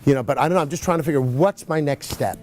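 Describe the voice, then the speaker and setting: A man's voice: a little high, fast talker, darkish tone, faint music behind. A middle-aged man coaching riders at a horse clinic, rambling and chatty with lots of asides. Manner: rambling, chatty, full of "you know" asides. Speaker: riding clinician. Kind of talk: casual coaching chat. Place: horse arena.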